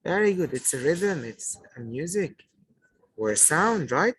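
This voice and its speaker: A man's voice: on the high side, big pitch swings, a bit bright, breathy edge, rough recording. A man teaching a poetry lesson to a class, asking questions and praising the answers, and repeating key points. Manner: slow, repetitive teaching delivery.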